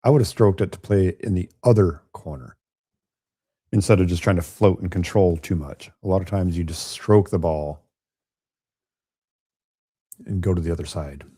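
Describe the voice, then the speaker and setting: A raspy, hoarse man with a lowish voice calls a pool match from a quiet room at home. His tone is dark and mellow, and he keeps chatting and joking with the viewers between shots. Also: normal speed, pauses often. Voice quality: raspy from a chest cold. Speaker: remote pool commentator. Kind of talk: casual live commentary.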